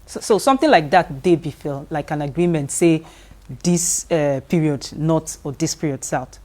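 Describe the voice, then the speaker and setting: A woman with a Nigerian accent, an interviewer asking questions in a measured way with some hesitation. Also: sits low, a little mellow.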